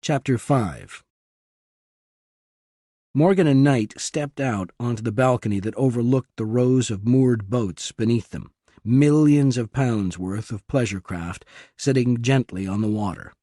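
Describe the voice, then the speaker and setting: Guy reading an audiobook, calm and measured, mellow dark tone, dry close sound. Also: mid-range voice, no echo. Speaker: audiobook narrator. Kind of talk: scripted narration.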